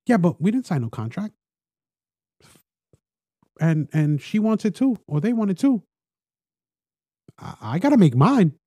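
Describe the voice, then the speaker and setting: A man's voice: sits high, sing-song, a little slow, long pauses, warm tone, husky, no room sound, heavily acted. A man voicing a sly male merchant who brushes off a customer's complaint. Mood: dismissive. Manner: offhand, excuse-making.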